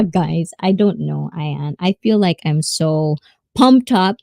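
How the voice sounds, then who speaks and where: Lady chatting on her livestream, giggly, mellow lowish voice, dry sound. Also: takes it slowly, vocal fry, no room sound. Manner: bubbly, laughs often, switches between English and Tagalog. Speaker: livestream host. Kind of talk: casual livestream chat.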